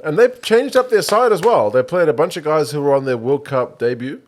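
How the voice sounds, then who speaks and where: A man's voice: on the high side, animated, brisk. A man, co-hosting a casual podcast chat and laying out facts and figures. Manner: matter-of-fact, brings stats and detail. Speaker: podcast co-host.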